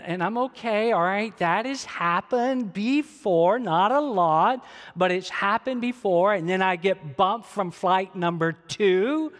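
A man's voice: high-pitched, a bit bright, big-room sound. An older man, a grandfather, preaching a sermon as a pastor, telling stories and asking the congregation rhetorical questions. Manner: storytelling with quoted dialogue and rhetorical questions.

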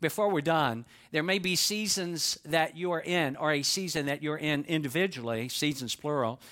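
Bright-voiced male pastor, folksy sermon. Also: a little high, normal speed. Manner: folksy storytelling, conversational asides. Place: church.

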